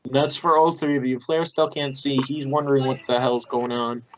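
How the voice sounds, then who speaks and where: A young man narrates as game master for his friends' tabletop game, loose and profane in his delivery. His voice sits at an ordinary middle pitch. The sound is dull and lo-fi, with a faint hiss underneath. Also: level tone, normal speed. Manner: casual, swears freely.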